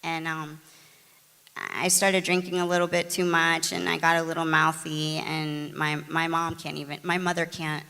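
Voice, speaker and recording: Middle-aged woman, lowish bright voice, chatty and candid, lots of um and like, echoey reverb. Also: moderate pace, creaky, clear, resonant tone. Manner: conversational, frequent fillers and restarts, animated retelling. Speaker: guest sharing her recovery testimony. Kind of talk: candid personal storytelling.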